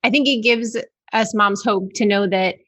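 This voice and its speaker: A woman's voice: mid-range voice, normal speed, fairly bright tone. Woman hosting a podcast, supportive and easygoing. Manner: supportive, encouraging interviewer. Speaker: podcast host. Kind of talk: casual interview chat.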